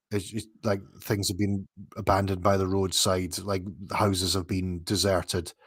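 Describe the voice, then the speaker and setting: A man co-hosting a live podcast in casual chat, musing and analytical, with thinking pauses. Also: deep voice, dry recording, clean studio sound. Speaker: podcast co-host.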